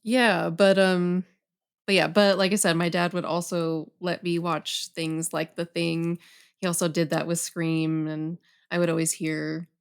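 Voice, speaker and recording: Chatty young woman with a low voice. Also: clear, resonant tone. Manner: relaxed, many fillers like "um" and "like". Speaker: guest horror journalist. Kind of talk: casual podcast chat.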